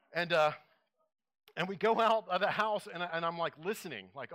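A male pastor delivering a sermon, telling an animated story and acting out his own reactions. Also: sits high, normal speed.

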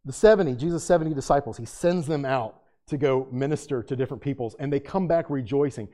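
A man's voice: medium pitch, fast talker, dark tone. A man preaching a sermon in a dramatic style, firing off repeated rhetorical questions and acting out the quotes he reads. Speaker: pastor.

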